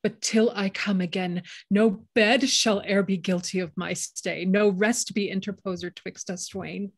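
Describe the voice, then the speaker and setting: A woman's voice: medium pitch, fairly even intonation, unhurried, no room sound. A woman reading the part of an eager young male lover in an unrehearsed play reading, slightly hesitant with restarts. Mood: earnest.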